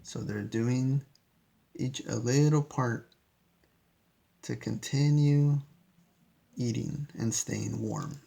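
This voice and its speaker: A man's voice: mid-range voice, slow pace, vocal fry, long pauses, dark tone. A man reading a picture book aloud to children, chatty and asking listeners questions between pages. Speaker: storyteller. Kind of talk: children's read-aloud storytime.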